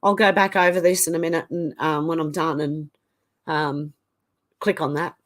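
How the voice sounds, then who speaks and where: A woman's voice: low-pitched, flat delivery, normal speed. A middle-aged Australian woman hosting a live stream, reading viewer comments aloud and reacting chattily while getting over the flu with a cough. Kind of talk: casual live-chat reading.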